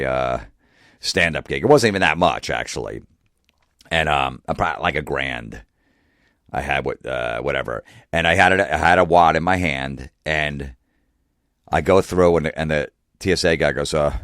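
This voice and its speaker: A man with an extremely low voice rants in a profane monologue, exasperated, piling up rhetorical questions. The sound is dry and close, with no room around it. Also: moderate pace, fairly bright tone, no room sound. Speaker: comedian.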